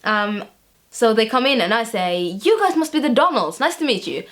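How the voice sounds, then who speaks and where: A woman's voice: fairly high pitch, expressive, moderate pace, fairly bright tone. A young woman playing a chatty teenage girl tutor who recounts her week with wry amusement, with fillers along the way. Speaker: vlogger. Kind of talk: scripted vlog-style monologue.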